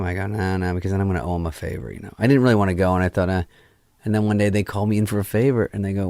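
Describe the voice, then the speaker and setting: Male podcast guest, very low voice, dry close mic, casual deadpan storyteller who swears freely. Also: very fast, creaky, no echo. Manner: profane, deadpan anecdote acting out quoted dialogue. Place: podcast studio. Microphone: studio microphone.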